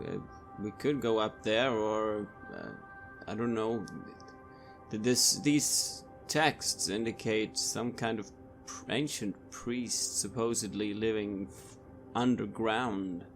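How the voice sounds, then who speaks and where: A man's voice: on the low side, slow pace, faint music behind. A man playing a tabletop game, hesitant and unsure in his turns. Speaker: player.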